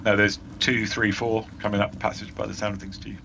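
Game master, bright easygoing narration with ums, faint hiss behind. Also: male voice, fairly low pitch, fast, gravelly. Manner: relaxed, hesitant narration with fillers.

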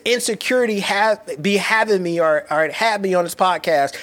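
A man with a notably high voice hosts his own podcast and talks through his thoughts alone. He moves quickly and restlessly, doubling back on words and tossing in casual slang as he goes. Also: a bit bright. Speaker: podcast host. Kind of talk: reflective solo podcast monologue.

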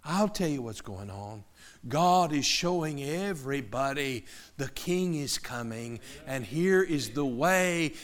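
A middle-aged male pastor preaching a sermon, emphatic, moving between loud urgency and hushed lines. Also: on the high side.

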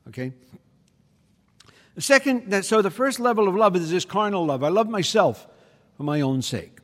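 A man giving a conversational teaching homily, often pausing to check in with his listeners. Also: high-pitched. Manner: conversational, checks in with the audience by asking "okay?" and "hmm?". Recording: reverberant hall.

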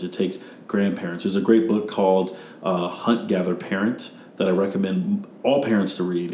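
A man's voice: sits low, mellow, echoey room, a little hiss or hum. A man hosting a parenting podcast, telling stories in a casual rambling way and acting out what people said. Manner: rambling storyteller, acts out quotes. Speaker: podcast host.

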